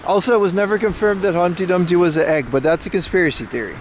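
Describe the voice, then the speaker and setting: A man with a high voice talks at a quick pace against slight background noise. He's an IRL livestreamer walking city streets outdoors, chatting casually and rambling opinionatedly as he answers his chat.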